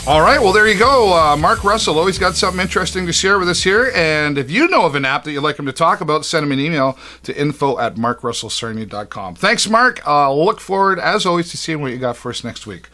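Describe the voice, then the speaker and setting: A man's voice: a little high, animated, quick pace, hardly any pauses, bright, forceful tone. A man hosting a local community TV show in a chatty, upbeat way, often saying "all right" and "uh".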